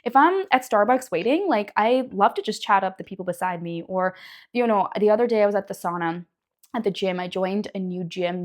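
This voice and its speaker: A young woman talks to camera about wellness in a casual, chatty way. Her voice sits at an ordinary middle height, and her delivery is animated, full of likes and you knows. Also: medium pitch. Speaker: naturopathic doctor and wellness creator. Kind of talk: casual educational talk to camera.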